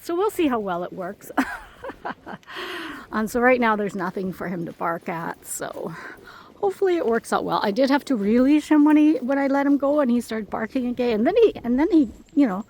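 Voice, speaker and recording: A woman's voice: a little high, lively intonation, brisk, darkish tone. A woman working as a dog sitter, narrating a casual vlog outdoors at a park and rambling chattily with lots of fillers, recorded on a handheld phone.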